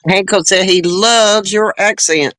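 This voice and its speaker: Slow, bright-voiced speaker, halting talk. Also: mid-range voice, fairly even intonation. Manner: halting, repeats and restarts. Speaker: chat panelist. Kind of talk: casual chat.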